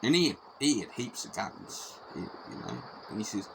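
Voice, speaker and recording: A man's voice: fairly low pitch, huge pitch swings, moderate pace, gravelly, noisy background. A middle-aged man with a New Zealand accent telling a personal story casually, swearing freely and repeating himself as he goes.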